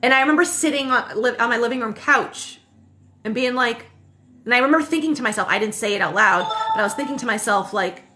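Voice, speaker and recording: Rambly woman on a phone live, thirties, bright kinda high voice, lots of ums, swears here and there. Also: quick pace, slight background noise. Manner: rambling, full of fillers and self-corrections; swears casually. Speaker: spiritual livestream host. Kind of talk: casual livestream storytelling. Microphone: phone livestream.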